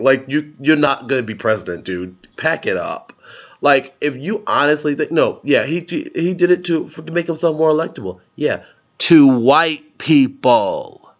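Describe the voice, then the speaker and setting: A man's voice: mid-range voice, expressive, normal speed, lo-fi sound. A man giving sarcastic, casual political commentary in a vlog, often breaking into laughter at his own jokes. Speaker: political vlogger.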